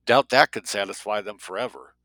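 A man voicing a blunt, sardonic male financier in an audiobook, with a gravelly voice. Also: lowish voice, fairly quick, pushed and bright, no room sound, low-quality recording.

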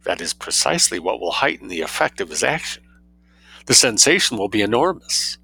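A man voicing a suave, mischievous young man who spins outrageous tales with cool calm. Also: mid-range voice, a little fast, gravelly, slightly rough, pitched above the performer's own voice, exaggerated voice. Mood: sly, unruffled.

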